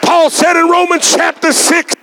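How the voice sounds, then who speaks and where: A man preaching a fervent sermon, shouting and calling for responses from the congregation in a church. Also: extremely high pitch, flat delivery. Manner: shouting, fervent, drawn-out exclamations. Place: church sanctuary.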